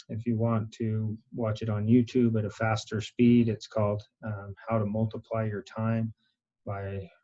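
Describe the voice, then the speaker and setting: A man teaching an online class, speaking hesitantly with many filler pauses. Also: on the low side, dark tone, lo-fi sound. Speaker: course instructor.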